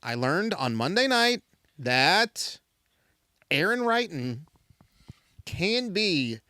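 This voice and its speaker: In a dry recording, a young podcast co-host with a high-pitched voice speaks extremely slowly while telling a story in casual conversation. He's an animated storyteller who acts out the characters and quotes them in voices.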